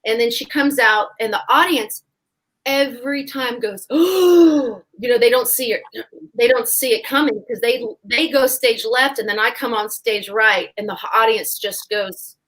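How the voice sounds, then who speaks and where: Woman, stage actress, fairly high voice, animated anecdote, acts out voices, live online chat. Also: moderate pace, low-quality recording.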